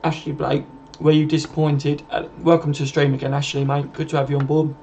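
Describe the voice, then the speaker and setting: A man's voice: fairly high pitch, flat delivery, brisk, darkish tone, slight background noise. A man hosting a casual football livestream, chatting and answering viewer comments in a matey, informal way. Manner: chatty, matey, calls everyone mate.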